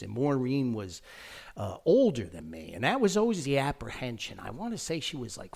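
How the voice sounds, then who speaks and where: New Jersey man, middle-aged, gravelly and lively-pitched, folksy rambling podcast storyteller. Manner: rambling, folksy, animated with lively quoted voices. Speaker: podcast host telling a personal story. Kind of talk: casual spoken storytelling.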